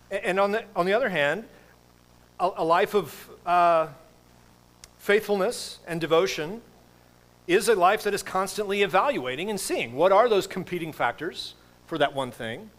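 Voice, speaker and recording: Casual middle-aged man preaching, higher-pitched. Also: a bit bright. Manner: casual, rambling delivery with many fillers and restarts. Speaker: pastor. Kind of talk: sermon.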